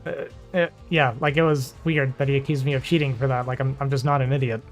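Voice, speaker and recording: A man's voice: mid-range voice, fairly even intonation, fast, faint music behind. A man who streams games, chatting casually, laughing often and trailing off with fillers. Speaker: streamer and game player. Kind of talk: casual chat.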